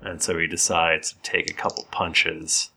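Man, game master, playful teasing narration, very low gravelly voice, bright edge. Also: little pitch movement, normal speed, slight background noise.

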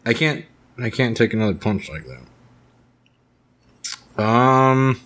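A man's voice: mid-range voice, lively intonation, takes it slowly, fairly bright tone. A man playing in a tabletop game who works out his moves aloud, hesitating often and asking the table questions. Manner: hesitant, thinks aloud with many ums. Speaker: player. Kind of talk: casual tabletop game chat.

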